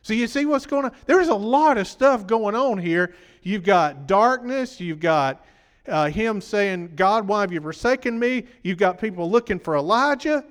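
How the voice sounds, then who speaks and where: A man preaching in a high voice, worn from a day of sermons. He talks conversationally and keeps quizzing the congregation. His voice rings with the long reverb of a large hall. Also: animated, unhurried, fairly bright tone.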